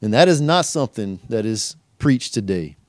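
Animated man preaching verse by verse. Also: on the low side, normal speed, no echo, clean studio sound. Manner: animated, rhetorical questions, acts out quoted voices. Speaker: pastor and teacher. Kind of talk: verse-by-verse sermon.

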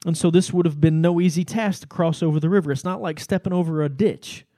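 A man with a somewhat high voice delivers a Bible teaching sermon. His tone is mellow and dark, and he explains the text patiently in a conversational way. The sound is dry and close. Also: steady tone, quick pace, no room sound. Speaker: pastor.

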